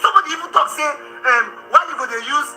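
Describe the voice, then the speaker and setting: A man with a Nigerian accent ranting in a vlog, loud and combative, often breaking into laughter and shouts. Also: very high-pitched, fast talker, reverberant, faint music behind, rough recording. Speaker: social media commentator.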